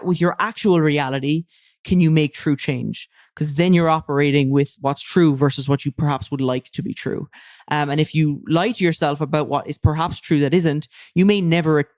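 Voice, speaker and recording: A woman's voice: sits low, a little mellow, no echo, clean studio sound. A woman speaking as a guest coach in a casual podcast interview, emphatic and loose, with casual swearing.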